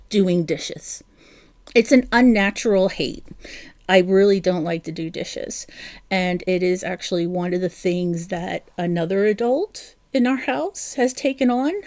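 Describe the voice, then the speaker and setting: A woman's voice: medium pitch, darkish tone, dry recording. Chatty woman hosting a live stream. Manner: chatty, reads viewer comments aloud. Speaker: host of a live crochet stream. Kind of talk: casual live-stream chat.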